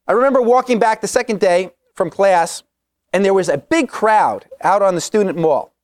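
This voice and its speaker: Emphatic male preacher telling his testimony. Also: high voice. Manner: storytelling with emphatic, dramatic quoted dialogue. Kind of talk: testimony sermon.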